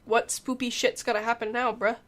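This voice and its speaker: High-voiced young woman gaming. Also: brisk, faint music behind. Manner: animated, swears when frustrated. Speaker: let's play gamer. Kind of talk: casual gaming commentary and reading aloud.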